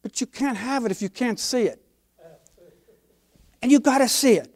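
A man's voice: very high-pitched, moderate pace. An older man, a pastor, preaching a sermon with emphatic, folksy delivery and homespun stories.

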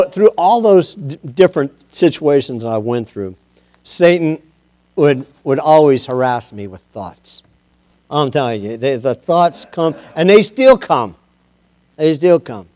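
A high-voiced man preaching a sermon as pastor. He talks to his congregation in an easy, conversational way, then rises into loud, impassioned exhortation. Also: lively intonation, slow pace, pauses often.

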